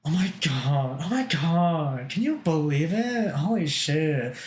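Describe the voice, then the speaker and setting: A man's voice: on the high side, animated, takes it slowly, a little mellow. Man putting on a gossipy Valley Girl. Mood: gossipy shock. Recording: roomy echo.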